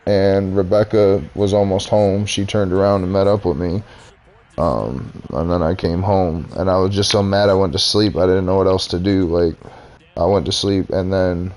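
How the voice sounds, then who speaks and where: A man's voice: low voice, fairly even intonation, normal speed, darkish tone. A young man telling a heated, profane story about a fight with his boss, acting out both sides of the argument. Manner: profane, heated retelling with quoted dialogue. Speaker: streamer. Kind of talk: casual storytelling rant.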